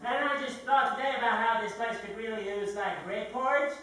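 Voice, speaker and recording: An actor playing a slow, simple-minded young Southern man in a live stage comedy, drawling haltingly. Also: sits high, pushed and bright. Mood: dreamy. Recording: echoey theater stage from far off.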